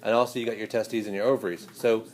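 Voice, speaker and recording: A male teacher giving a lively, hands-on classroom lecture and speaking directly to his students. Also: on the low side, fast talker, echoey room, a little hiss or hum.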